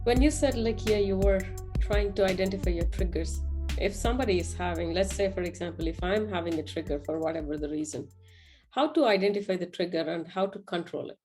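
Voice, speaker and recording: A woman podcast host introducing the show and asking questions in a friendly, slightly halting way. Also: fairly low pitch, mellow. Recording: music playing behind.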